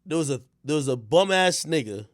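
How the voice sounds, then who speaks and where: Animated rambling man, lively pitch swings. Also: a little fast, no echo, studio quality. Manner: rambling, animated, swings from low mutters to shouts; frequent stammered restarts and fillers. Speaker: streamer host. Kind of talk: casual stream commentary.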